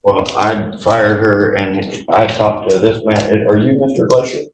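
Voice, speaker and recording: A man speaking as a defendant in court, halting and defensive. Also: on the low side. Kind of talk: courtroom exchange. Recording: distant, echoey courtroom mic with noise.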